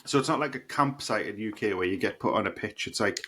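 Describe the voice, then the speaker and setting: On a noisy podcast recording, a man with a low-side voice talks fast as co-host, rambling through a story in casual chat. He's animated, laughing and swearing freely.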